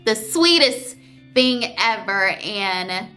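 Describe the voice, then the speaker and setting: Drawing out her words in a medium-pitched voice, a young woman vlogs casually about her surgery over soft background music. She tells it animatedly with quoted lines, though she grows emotional and at times holds back tears.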